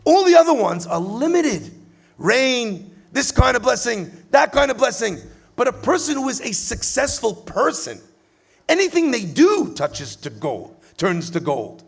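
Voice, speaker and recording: A man giving a rabbi's address to a conference audience from a lit stage, an animated and playful preacher who swings from loud to soft. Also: very high-pitched, a little slow, vocal fry, breathy edge. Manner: playful storyteller with jokes.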